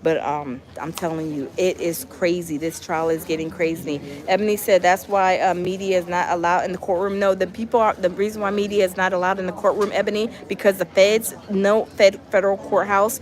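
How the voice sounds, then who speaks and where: A woman hosting a casual live stream, chatting and reading out viewer comments with lots of fillers and animated asides. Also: on the low side, brisk, hardly any pauses. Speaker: livestream host.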